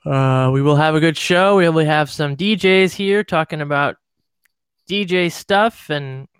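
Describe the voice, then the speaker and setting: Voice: medium pitch, unhurried, clean tone, no echo. A host of a casual radio show talking in a loose, wry, playful way. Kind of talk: casual chat.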